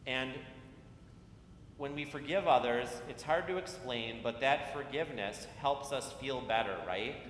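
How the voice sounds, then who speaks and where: A man's voice: measured pace, a bit bright. Man giving a children's message in church. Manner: friendly, asks children questions. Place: church sanctuary. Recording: echoey church hall, faint rumble.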